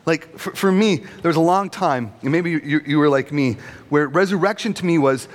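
A man's voice: on the high side, fairly quick, big-room sound. A male pastor preaching a sermon in a conversational, humorous way, often asking "right?".

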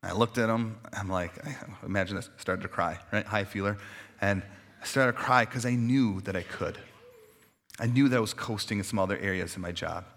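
A man's voice: on the low side, fairly quick, fairly bright tone. A man pastor preaching a sermon in a conversational way, stacking repeated phrases for emphasis and dropping in casual asides.

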